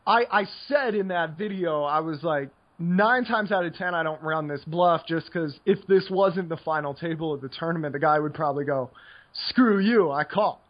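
American male podcast co-host, higher pitch, tired and loose, slightly dull lo-fi sound. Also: moderate pace, hardly any pauses. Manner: rambling, filler-heavy, laid-back. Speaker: podcast co-host, poker coach. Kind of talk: casual podcast chat.

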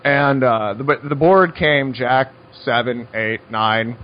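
A man teaches poker strategy conversationally, telling stories with dry, wry asides. His mid-range voice moves at a slow pace, and the audio is dull.

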